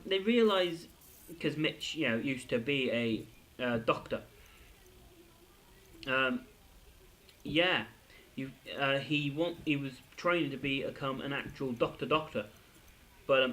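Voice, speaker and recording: A young man hosting his own channel, giving an excitable, rambling review of a TV episode with many fillers and restarts. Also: mid-range voice, poor audio. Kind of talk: casual spoken review.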